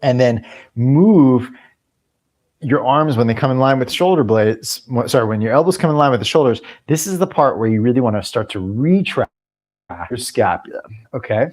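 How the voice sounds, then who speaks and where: A man teaching a yoga class, cueing breaths and movements in a relaxed way, now and then clearing his throat. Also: mid-range voice, normal speed. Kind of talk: guided yoga class instruction.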